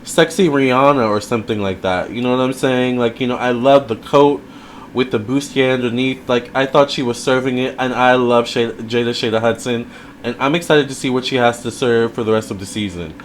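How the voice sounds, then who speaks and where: A man with a medium-pitched voice gives a casual video review at a slightly quick pace, with a little background noise. His commentary is chatty and rambling, full of fillers and side remarks.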